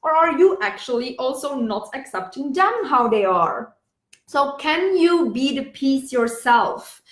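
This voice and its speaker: High-voiced woman, echoey room. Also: animated, a little slow. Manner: gentle, repetitive, many fillers and restarts. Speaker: self-help video host. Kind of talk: casual talk to camera.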